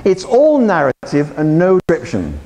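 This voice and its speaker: A man talks to a hall full of teachers. His voice sits a little high and swings widely, and he is playful as he quizzes the room. A long echo from the conference hall trails his words. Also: moderate pace. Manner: animated, playful, acts out voices and quizzes the audience. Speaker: conference speaker, English teacher trainer. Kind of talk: lively conference talk with audience interaction.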